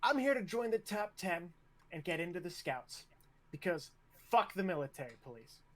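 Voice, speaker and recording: A man voicing a blunt, defiant fifteen-year-old girl cadet who speaks flatly. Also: sits high, normal speed.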